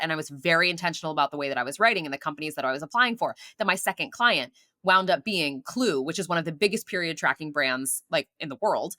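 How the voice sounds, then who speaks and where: Young woman guest on a podcast, talks fast and bouncy, tells stories, repeats stuff for emphasis, dry mic. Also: on the low side, bright, forceful tone, no room sound. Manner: enthusiastic storyteller, repeats phrases for emphasis. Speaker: podcast guest, marketing mentor. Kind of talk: casual interview chat.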